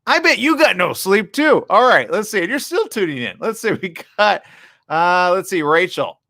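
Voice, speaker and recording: A sleep-deprived man hosts a live morning stream, ranting in a blunt, sarcastic way. His voice is bright and forceful and swings widely in pitch. The sound is dry and close. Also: big pitch swings, moderate pace, no room sound. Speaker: live morning show host. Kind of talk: casual live-stream commentary.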